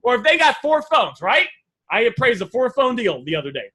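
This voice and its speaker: A man coaching a live class on sales offers, energetic and repetitive, often calling his listeners guys. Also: extremely high pitch, fairly quick, breathy edge. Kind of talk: live online teaching session.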